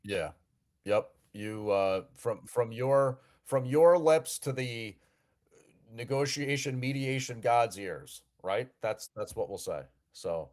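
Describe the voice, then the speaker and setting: A man's voice: mid-range voice, slow pace, darkish tone. A man from New Jersey hosting a live call-in show, chatting casually and often repeating words as he restarts sentences.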